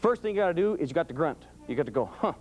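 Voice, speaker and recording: A man's voice: fairly high pitch, animated, racing, darkish tone. A middle-aged man giving a folksy, humorous talk on raising children, acting out voices as he tells stories. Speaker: police sergeant giving parenting talk. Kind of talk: folksy talk to a live audience.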